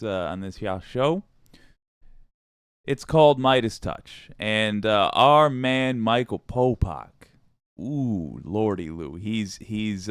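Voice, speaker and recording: A man's voice: mid-range voice, clean tone, no room sound, studio quality. A man hosting a political commentary show, talking casually with wry, profane, rambling asides.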